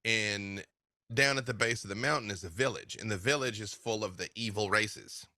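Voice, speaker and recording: Animated man with a bright, dry voice. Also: lowish voice, normal speed, no echo. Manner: animated storyteller, laughs often. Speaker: guest game master. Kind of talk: casual interview chat.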